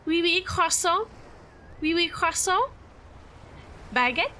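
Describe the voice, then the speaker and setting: A woman putting on an exaggerated mock French accent as a comic bit while playing a game, hammy and halting. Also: extremely high pitch, lively intonation, bright, forceful tone, slight background noise, full character voice. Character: woman with an over-the-top fake French accent.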